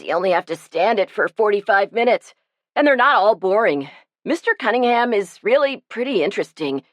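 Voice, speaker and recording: A woman's voice: medium pitch, dry recording, natural voice. A woman voicing a hungry, easygoing teenage boy who chats eagerly about school.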